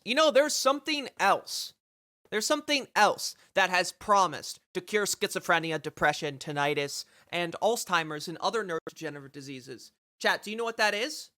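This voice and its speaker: Bright-voiced, sarcastic, swearing streamer. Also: medium pitch, animated, normal speed, dry recording, studio quality. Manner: sarcastic, profane ranting; reads passages aloud and reacts. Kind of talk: live commentary on news reporting.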